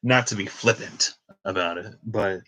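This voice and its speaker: A man's voice: fairly low pitch, a little slow, pushed and bright, a little hiss or hum, rough recording. A man in his twenties giving a casual tarot reading, chatty and rambling off into tangents. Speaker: tarot reader.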